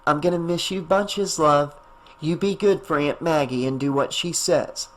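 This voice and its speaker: A man voicing a busy single mother with a hurried, mildly worried delivery. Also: fairly high pitch, natural voice, low-quality recording.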